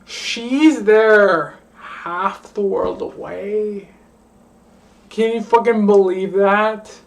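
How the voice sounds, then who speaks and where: A woman's voice: medium pitch, extremely slow, gravelly. A drunk young woman rambling and swearing in a vlog, slurring and repeating the same phrase over and over. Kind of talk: rambling late-night vlog rant. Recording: voice distant from the mic.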